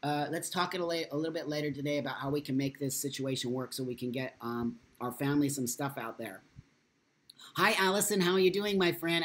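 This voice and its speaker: On a laid-back live stream, a man speaks right to his audience, his voice on the high side, a little fast and a bit bright. Full of feeling, he curses often, reads viewer comments as they come in, and keeps everything loose and off the cuff.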